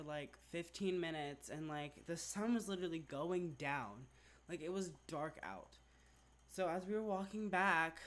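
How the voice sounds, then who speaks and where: A vlogger telling a story in casual storytime-vlog chat, rambling and animated, packing in "like" constantly. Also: mid-range voice, slight background noise. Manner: rambling, filler-heavy, says "like" constantly; chatty, animated retelling.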